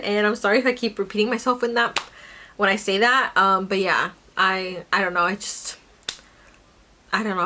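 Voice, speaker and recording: Young woman, book vlogger, casual haul chat, rambling, filler-heavy, mid-pitched voice. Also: bright, forceful tone, slight background noise. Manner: rambling, lots of fillers and self-corrections.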